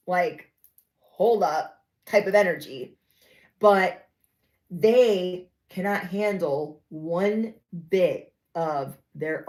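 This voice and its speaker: Young woman doing a reading, low voice, sassy and chatty, talks right to the camera. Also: darkish tone, low-quality recording. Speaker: tarot reader. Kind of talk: casual spoken reading to viewers.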